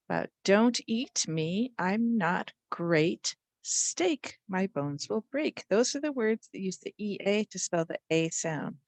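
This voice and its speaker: A woman's voice: mid-range voice, creaky, dry recording. A woman teaching a spelling lesson to young children, patiently sounding out letters and words.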